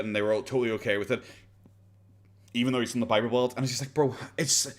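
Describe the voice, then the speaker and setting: A man's voice: mid-range voice, a bit bright. An Irish man reacting to a video on a home stream, sarcastic and sweary, full of fillers. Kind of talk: casual reaction commentary.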